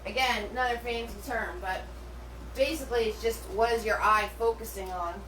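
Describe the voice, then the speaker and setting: The middle-aged painting instructor's voice is on the high side, fairly bright, at normal speed. She chats and rambles through a live class with frequent fillers and restarts, recorded away from the mic in a roomy space with a faint hum.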